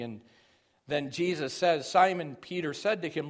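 A man's voice: a little high, moderate pace. A middle-aged man preaching a sermon, explaining scripture and rising in force on key phrases. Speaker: pastor.

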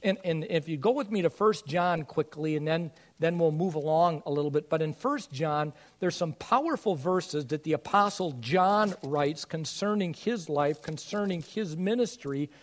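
High-voiced preaching pastor. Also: male voice, lively intonation, normal speed. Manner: earnest, rising to emphatic preaching. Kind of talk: sermon.

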